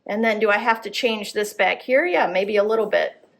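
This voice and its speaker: A woman's voice: medium pitch, moderate pace, fairly bright tone. Woman thinking aloud during a drawing demo. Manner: thinks aloud while drawing, self-correcting. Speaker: art instructor. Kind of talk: live drawing demonstration. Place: gallery workshop.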